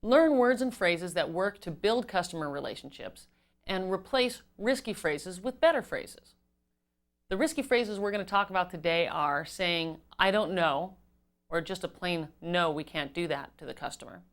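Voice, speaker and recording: Measured woman teaching customer service. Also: fairly low pitch, animated. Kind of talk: instructional talk to camera.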